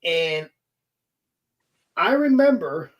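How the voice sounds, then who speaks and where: A man in casual chat, recalling a memory haltingly and repeating words as he searches for them. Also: fairly high pitch, very animated.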